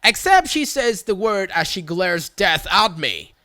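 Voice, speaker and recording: A narrator reading an online story aloud with lively storytelling. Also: medium pitch, a little slow, dry recording. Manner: lively storytelling with acted voices.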